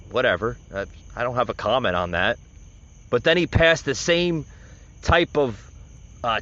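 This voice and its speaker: A man's voice: mid-range voice, a bit bright. A man hosting a podcast, delivering heated, rambling and sarcastic political commentary. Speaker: podcast host. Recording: dull lo-fi recording.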